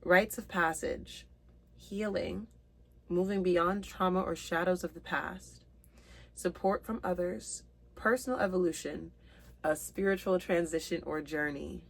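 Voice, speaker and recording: A woman giving a spiritual tarot reading to her viewers, earnest and emotional, reading card meanings aloud slowly. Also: lowish voice. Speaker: tarot reader.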